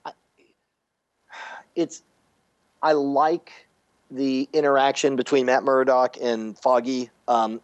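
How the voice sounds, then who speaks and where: A man co-hosting a casual talk show, halting and hesitant with many fillers. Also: mid-range voice, no room sound. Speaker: podcast co-host. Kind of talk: casual chat. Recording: dull, dry lo-fi audio.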